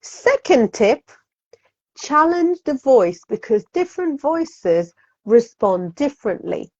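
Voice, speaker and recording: A woman's voice: high voice, sing-song, slow, a little mellow, lo-fi sound. A woman, a psychic guest, talking animatedly in an interview, laughing often and acting out inner voices in quotes. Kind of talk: conversational interview.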